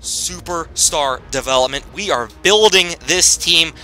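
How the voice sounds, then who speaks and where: A man giving casual, rambling gameplay commentary as he plays, with sudden loud bursts of hype. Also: a little high, unhurried, faint music behind. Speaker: gaming commentator.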